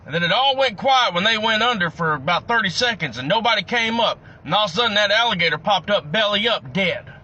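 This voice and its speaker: A man's voice: high voice, expressive, sharp tone, muffled recording. A man telling a long, crude joke in a casual storytelling way. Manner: profane, drawn-out storytelling. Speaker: joke teller.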